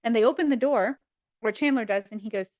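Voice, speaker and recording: A woman guest on a podcast, chatting casually and retelling sitcom episodes in an animated way, acting out the characters' lines. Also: fairly high pitch, fast, dry recording. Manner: animated storyteller who acts out characters' lines.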